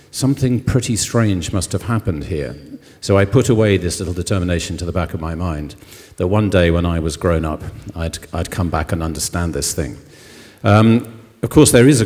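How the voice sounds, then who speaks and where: An older man, a novelist, talking thoughtfully on stage at a literary festival, pausing often with ums. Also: deep voice, darkish tone. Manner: thoughtful, hesitant with many ums. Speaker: novelist guest. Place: concert hall on stage. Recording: long hall reverb.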